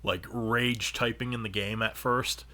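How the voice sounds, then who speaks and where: Bright-voiced man telling a profane story. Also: medium pitch, a little slow, a little hiss or hum. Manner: profane storytelling, animated when retelling. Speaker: podcast co-host. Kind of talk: casual chat.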